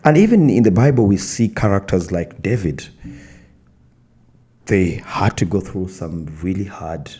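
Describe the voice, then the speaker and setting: A man co-hosts a casual podcast, speaking reflectively and with care. His voice is very deep and mellow, and he talks slowly. He often adds quiet affirming murmurs while the other host speaks. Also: lively intonation. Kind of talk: casual faith chat.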